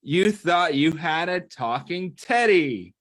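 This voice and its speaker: A man voicing a small, shy, lonely boy in a children's picture book read-aloud, soft and pleading. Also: fairly high pitch, lively intonation, takes it slowly. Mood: giggly teasing.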